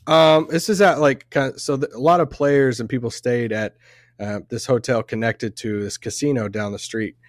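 A man's voice: medium pitch, fairly even intonation, normal speed, dry recording. A man co-hosting a podcast, telling a rambling story in casual chat with frequent laughs and restarts. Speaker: podcast co-host. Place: event venue, recorded live on site.

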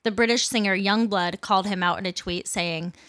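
Host in her 30s, sarcastic rant, blunt, close dry mic, medium-pitched woman. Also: fairly even intonation, a little fast, a bit bright, dry recording. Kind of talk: ranting commentary.

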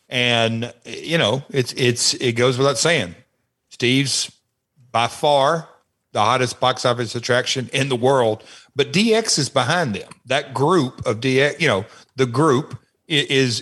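A man recalls old stories at an easy, unhurried clip, his voice sitting at an ordinary middle pitch. He stops and restarts often, leaning on fillers as he talks on a casual podcast. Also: a bit bright. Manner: rambling, halting, many fillers and restarts. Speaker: podcast co-host, former wrestler. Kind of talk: casual storytelling chat.

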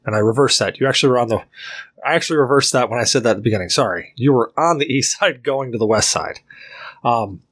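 A man narrating a tabletop role-playing game as game master, in a relaxed way with many fillers and restarts. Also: medium pitch, quick pace, breathy edge, no echo.

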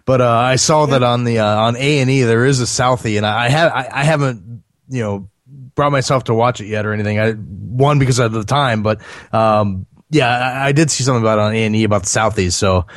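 A man hosting a music interview show, easygoing and halting, with many fillers. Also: mid-range voice, dry recording, studio quality. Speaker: radio show host.

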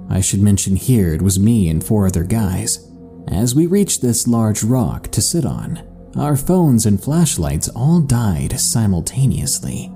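A man narrating a listener's horror story in a measured, suspenseful first-person read for a podcast. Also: lowish voice, warm tone. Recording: faint music bed under voice.

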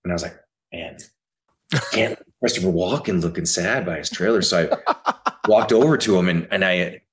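A man who is an actor, a guest on a podcast, telling stories in a loose, profane, animated way. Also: low-pitched, moderate pace. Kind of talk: casual interview chat.

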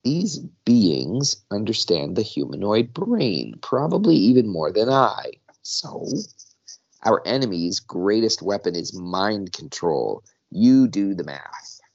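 Calm calculating cartoon leader guy, a man reading it, low and gravelly, reasoning it out. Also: takes it slowly, dull audio, exaggerated voice.

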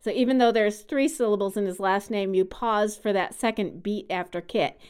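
A woman's voice: medium pitch, moderate pace, a little mellow, clear, resonant tone. A woman co-hosting a podcast who explains things patiently, like a music teacher, and sounds out her examples. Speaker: podcast co-host. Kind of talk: casual podcast chat.

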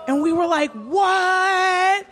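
High-voiced woman telling a wild story. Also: moderate pace, a faint crowd. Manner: animated, swearing, acting out quoted voices. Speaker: podcast co-host. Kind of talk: storytelling comedy chat.

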